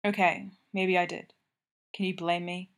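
A woman's voice: on the low side, little pitch movement, unhurried, fairly bright tone. A woman voicing a defensive, wry young man in an audiobook, talking in a grudging way.

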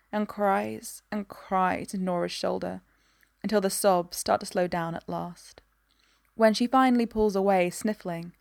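A woman narrating a story in an even, gentle voice at a medium pitch. The recording is dry and close. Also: gravelly, dry recording. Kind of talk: storybook reading.

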